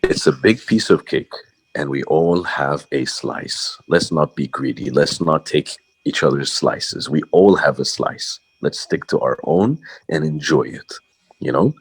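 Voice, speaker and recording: Very deep, husky-voiced man. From Bahrain. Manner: reflective, unhurried, many fillers and restarts. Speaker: voice-over artist, podcast guest. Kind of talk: casual interview talk.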